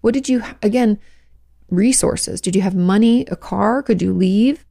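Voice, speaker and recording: A woman hosting a podcast as a therapist, giving casual, frank advice. Her voice carries a steady gravelly fry, and she talks in a loose, conversational way, full of "like" fillers. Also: mid-range voice, a little slow.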